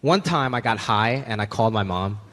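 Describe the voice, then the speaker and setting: A man's voice: fairly low pitch, lively intonation, moderate pace, noisy background. A man doing a stand-up set on stage, telling stories and acting out his parents in voices. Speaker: stand-up comedian.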